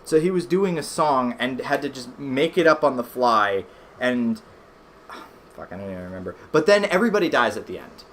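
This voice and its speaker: Guy rambling on while he plays a game, lots of ums, cusses, mid pitch, bit of background hiss. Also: animated, moderate pace. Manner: rambling, swears freely, many fillers. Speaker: let's play host. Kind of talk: casual gameplay commentary.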